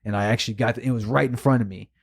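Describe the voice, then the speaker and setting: A man co-hosting a podcast, telling a story in casual chat, emotional and animated, swearing a lot. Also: medium pitch, racing, vocal fry, breathy edge. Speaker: podcast co-host.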